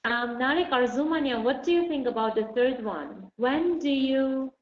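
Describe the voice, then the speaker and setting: A woman's voice: high-pitched, moderate pace. A woman teaching an English class, asking students questions and encouraging them patiently. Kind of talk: online class lesson. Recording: dull roomy recording with faint noise.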